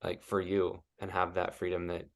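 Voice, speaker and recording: Low, gravelly-voiced man chatting casually. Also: completely flat delivery, normal speed. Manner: rambling, heavy use of "like". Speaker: guest, fear coach. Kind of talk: casual podcast interview.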